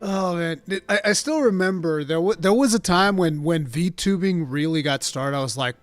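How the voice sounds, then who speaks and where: A man streaming from home, chatting casually with a rambling, profane, mock-indignant manner that swings from mumbles to loud outbursts. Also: on the high side, lively intonation, moderate pace, hardly any pauses, no room sound, soft background music. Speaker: streamer reacting to a game showcase. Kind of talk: casual livestream chat.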